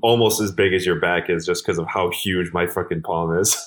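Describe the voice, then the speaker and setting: A man's voice: sits low, fairly even intonation, brisk. A man playing a tabletop game, speaking brashly and swearing in a casual way. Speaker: player.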